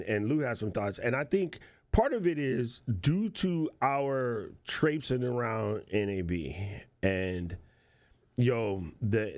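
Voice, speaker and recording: A man's voice: medium pitch, no room sound. A man hosting a casual livestream show, playful and slangy, laughing often as he chats. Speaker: show host.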